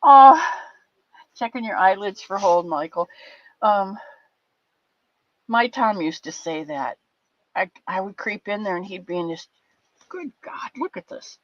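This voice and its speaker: A woman's voice: mid-range voice, lively intonation, unhurried, long pauses, dry recording. Older woman host, affectionate rambling chat, dry lo-fi stream audio. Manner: chatty, affectionate, rambling with restarts. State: a bit teary. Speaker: livestream host. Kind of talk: casual chat with live chat viewers. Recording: dull lo-fi dry sound.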